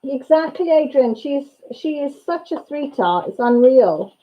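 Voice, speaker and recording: A woman's voice: high-pitched, lively intonation, unhurried, lo-fi sound. Chatty woman on a livestream. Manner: chatty and gossipy, laughs often, greets viewers by name. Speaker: livestream host. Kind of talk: casual chat with live viewers.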